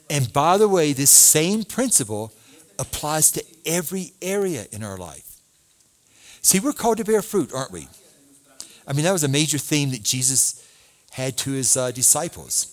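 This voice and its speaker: A man preaching a sermon as a pastor, reading scripture aloud and asking his listeners questions. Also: fairly high pitch. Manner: animated preaching, reads scripture aloud, asks the congregation questions.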